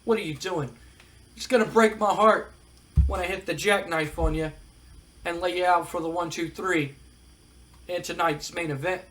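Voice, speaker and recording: A man's voice: high-pitched, fairly even intonation, moderate pace, long pauses, a bit bright. A man voicing a laid-back, mocking male wrestler who drawls and coaxes, calling everyone man. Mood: mock hurt. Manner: drawling, coaxing, keeps saying man.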